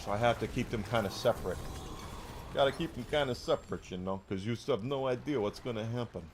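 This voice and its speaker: A man's voice: medium pitch, quick pace, background noise. A man live-streaming a game, chatting casually and rambling to his chat between plays. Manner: rambling, chatty, talks to chat while playing.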